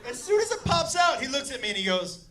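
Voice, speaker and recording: A man telling a wild story in a stand-up set, animated and shouting punchlines while voicing the people in it. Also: very high-pitched, quick pace. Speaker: stand-up comedian. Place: comedy club stage before a laughing audience. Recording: live club recording with crowd noise.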